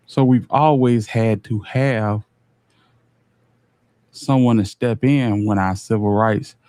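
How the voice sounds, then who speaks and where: A man's voice: fairly low pitch, steady tone, takes it slowly, darkish tone, dry recording. A man hosting a livestream, talking to his chat in a laid-back way. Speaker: livestream host.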